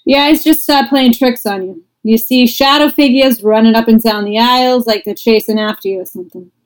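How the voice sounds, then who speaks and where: A woman's voice: fairly high pitch, a little fast, natural voice, rough recording. A woman doing a laid-back Boston man on guard duty, drawling and offhand. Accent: put-on Boston.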